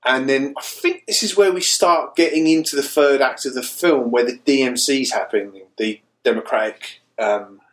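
A man talks through a film's plot in a loose, meandering podcast chat. His voice sits at an ordinary middle pitch. He swears freely and laughs along as he rambles. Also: normal speed, few pauses, rough recording. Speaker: podcast co-host. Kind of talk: casual film-review chat.

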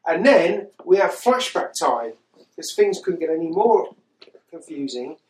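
A man's voice: a little high, big pitch swings, a little slow, echoey room, rough recording. A man hosting a podcast, recapping a film in casual chat with exasperated, sweary incredulity. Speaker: podcast host.

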